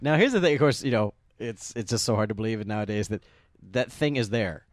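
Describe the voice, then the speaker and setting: A man chatting casually on a movie commentary track, animated and quick to laugh. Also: lowish voice, no room sound, studio quality. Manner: animated, laughs often, puts on quoted voices. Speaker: commentary host.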